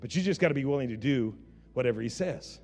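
A man's voice: medium pitch, lively intonation, fast, mellow, soft background music. A man preaching a sermon with passion, often stumbling and restarting his phrases. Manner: impassioned preaching with many restarts. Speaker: pastor. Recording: long hall reverb.

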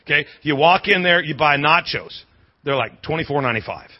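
A high-voiced man preaching in a loose storytelling way, stumbling over restarts and tossing questions to the room. The sound is slightly dull. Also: animated, brisk. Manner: chatty, restarts often, asks the congregation. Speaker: pastor. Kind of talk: storytelling sermon.

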